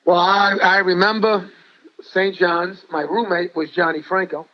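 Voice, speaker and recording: Older New York guy, chatty storyteller, high-ish voice, dull lo-fi sound. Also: fairly even intonation, a little slow. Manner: rambling, chatty, repeats himself. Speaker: guest, former ballplayer and coach. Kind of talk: interview storytelling. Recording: dull lo-fi audio.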